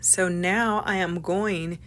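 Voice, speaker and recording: Bubbly, excitable woman demonstrating crafts. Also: lowish voice, slow. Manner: bubbly and excitable, chatty with playful asides and giggles. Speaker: craft tutorial host.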